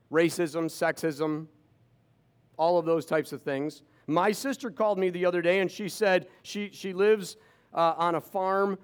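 A man's voice: sits high, smooth. A man in his fifties telling personal stories to an audience, with sarcastic asides. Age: 50s. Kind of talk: storytelling talk to an audience.

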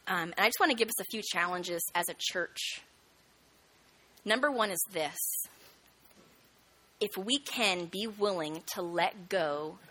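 A woman preaching a sermon, telling a personal testimony in an animated storytelling way and acting out the voices of the people in it. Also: lowish voice.

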